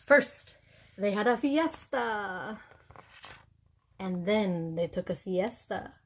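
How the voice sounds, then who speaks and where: A woman teacher reading a picture book aloud in an expressive, playful way. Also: medium pitch, takes it slowly, a little hiss or hum. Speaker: elementary school teacher.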